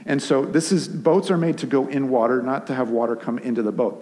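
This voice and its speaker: A man preaching a sermon in a casual, conversational way, retelling a story with animated asides. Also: medium pitch, a little fast, few pauses. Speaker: pastor. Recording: long reverb of a large hall.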